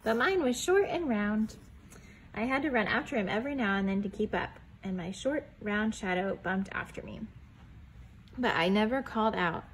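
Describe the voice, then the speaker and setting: A woman's voice: medium pitch, animated, a little hiss or hum, poor audio. Woman reading a picture book aloud. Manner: gentle storytelling that pauses to ask the children questions; drops to a soft whisper on quiet lines. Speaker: children's librarian reading aloud.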